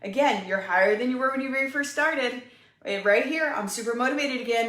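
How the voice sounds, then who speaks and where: In an echoey room, a woman delivers upbeat, encouraging live fitness coaching straight to her viewers, calling them "you guys." Her voice is on the high side and fairly bright, and she talks briskly.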